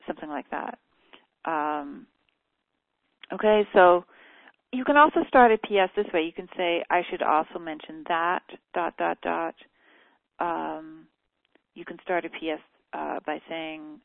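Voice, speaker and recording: A woman coaching on a group call, frankly critiquing a sales letter with many pauses and fillers. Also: lowish voice, vocal fry, dry recording. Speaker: copywriting coach. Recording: tinny dry phone line.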